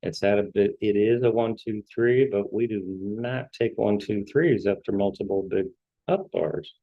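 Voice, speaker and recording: With a low, creaky voice, a trading show host works through stock charts, giving casual market commentary. As he scans he hesitates and repeats his words, and the audio is lo-fi with no echo.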